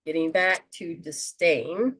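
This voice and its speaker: Slow earnest woman giving a spiritual reading. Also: fairly low pitch, fairly bright tone, breathy edge. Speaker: host and metaphysician.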